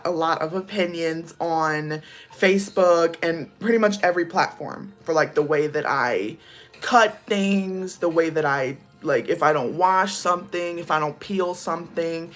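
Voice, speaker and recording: Low-voiced young woman telling a rambling story. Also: a bit bright. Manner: rambling, many "like" fillers, laughs through the story. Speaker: vlogger. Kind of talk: casual storytime chat.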